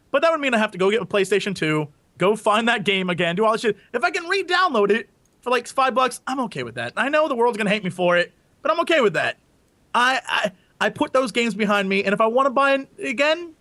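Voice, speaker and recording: A man co-hosting a podcast in casual chat, excitable and self-mocking, laughing often. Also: high voice, no room sound. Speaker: podcast co-host.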